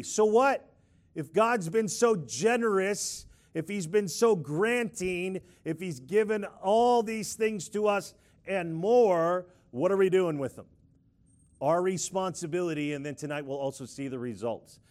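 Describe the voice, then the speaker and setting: A middle-aged man preaching a lively sermon, playfully leading the congregation in call-and-response and prayer. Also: high-pitched, unhurried.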